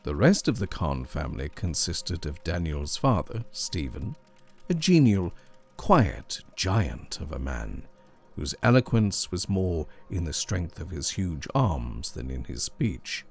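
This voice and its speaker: A male narrator reads a scripted scary story slowly and deliberately. His very deep voice is gravelly and husky, and his pitch moves freely up and down. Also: very animated, faint music behind.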